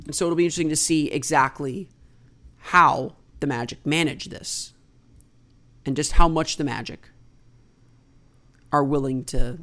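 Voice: medium pitch, measured pace, long pauses, pushed and bright. A basketball analyst giving solo sports commentary, explaining trade rules in an explanatory, think-aloud way and stating opinions firmly.

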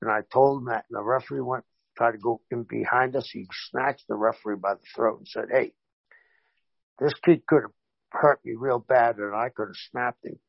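A man, a former pro wrestler, telling animated stories in a casual interview and voicing the people in them. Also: mid-range voice, moderate pace, gravelly, no echo, lo-fi sound. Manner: animated anecdotes with voiced quotes.

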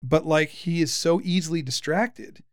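Lively teasing father in his forties. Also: on the high side, moderate pace, no room sound, studio quality. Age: 40s. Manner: lively, teasing, with frequent restarts. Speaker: podcast host, father. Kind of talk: casual conversational podcast.

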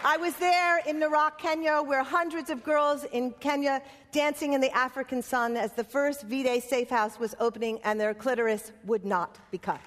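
A woman's voice: high voice, fairly even intonation, normal speed, hardly any pauses, a crowd in the background, background noise. A woman playwright and activist giving a conference speech in impassioned, rhythmic lists. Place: conference hall. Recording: long hall reverb.

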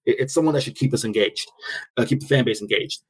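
A man's voice: medium pitch, fast talker, breathy edge. A man co-hosting a casual sports podcast, loose and jokey, laughing often and tripping over his words. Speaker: podcast co-host.

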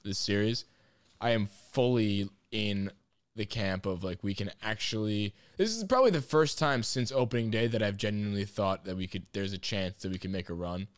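A man with a lowish voice chats about baseball with his buddies, getting worked up and cursing as he goes. The sound is close and dry. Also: normal speed, smooth, dry recording. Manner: excitable, swears freely, rambling. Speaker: podcast co-host. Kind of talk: casual sports chat.

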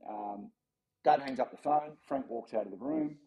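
Over dull audio with crowd noise in the background, an Australian guest in his forties speaks at normal speed in a medium-pitched voice. He relates stories animatedly in a relaxed interview, impersonating those he quotes and often using fillers and starting over.

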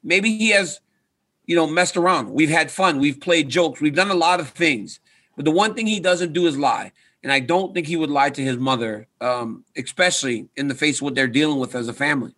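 Earnest man with a bright voice. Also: on the high side, brisk. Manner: earnest, repeats "right?" for emphasis. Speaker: retired fighter and coach, guest. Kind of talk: casual interview talk.

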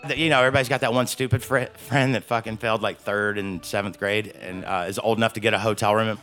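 A man's voice: fairly low pitch, steady tone, quick pace, fairly bright tone. Young guy, rambling and profane, music bed underneath. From Alabama, US. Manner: profane, rambling, laughs through the story. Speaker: storyteller. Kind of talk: crude comic storytelling.

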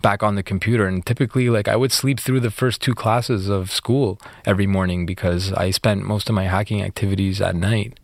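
A man being interviewed, retelling events in a fast, animated way with many fillers. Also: on the low side, no room sound. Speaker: interview guest. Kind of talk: casual storytelling interview.

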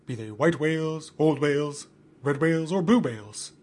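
A stern first mate barks his orders in a slightly high voice, played by a man. He speaks with firm command and a dread of whales. His lines sound like a comic story read aloud. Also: normal speed, a little mellow, close to an everyday voice.

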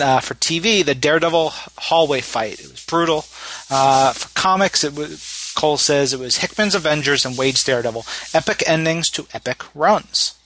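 Male podcast host, slightly high, dry close sound, relaxed chatty reader. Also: no room sound. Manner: relaxed, chatty, many fillers. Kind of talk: casual chat, reading listener messages.

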